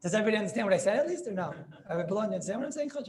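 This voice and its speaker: A man a rather high voice leads an informal class, talking in a chatty, animated way and checking that everyone follows. Faint room sound sits behind him. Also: very fast, slight background noise. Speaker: rabbi teaching a class.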